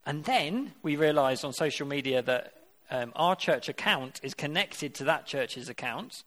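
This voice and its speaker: A man's voice: on the high side, animated, unhurried, a bit bright. A man preaching a sermon, earnest and conversational, with rhetorical questions to his congregation.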